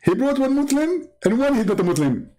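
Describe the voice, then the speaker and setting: A man putting on a mocking comic impression of a pompous, smug preacher who speaks halting broken English with stammered repeats. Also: very high voice, big pitch swings, dark tone, poor audio. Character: pompous smug male preacher, middle-aged, know-it-all.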